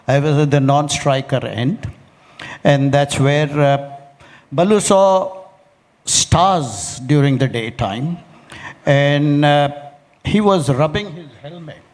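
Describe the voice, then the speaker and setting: An older man with an Indian English accent, a former cricketer telling a story on stage, halting with many pauses. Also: fairly high pitch, a little mellow. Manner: hesitant, many "uh" pauses, chuckling. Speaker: former cricketer, panel guest. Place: large indoor awards hall. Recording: reverberant hall.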